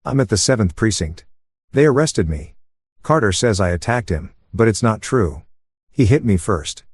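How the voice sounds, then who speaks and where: A man's voice: fairly low pitch, animated, normal speed, slightly rough, no echo, studio quality. A man voicing a frightened teenage grandson, speaking in a shaky, pleading way. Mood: scared.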